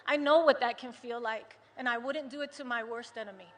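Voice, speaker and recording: A woman from the United States giving an impassioned political rally speech at a large venue, shifting from soft and earnest to shouting to the crowd. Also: on the high side, fairly even intonation, brisk. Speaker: rally speaker. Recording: loud crowd noise from a live rally. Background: cheering crowd.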